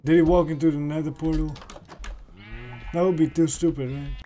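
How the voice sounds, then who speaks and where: A man narrates his own gameplay in an easy, rambling way, talking to himself and to the creatures on screen. His voice sits a little high for a man. Faint keyboard clicking stays under his talk. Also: steady tone, normal speed, warm tone, a little hiss or hum. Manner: chatty, talks to himself and game creatures. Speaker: gamer streamer. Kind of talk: casual gameplay commentary.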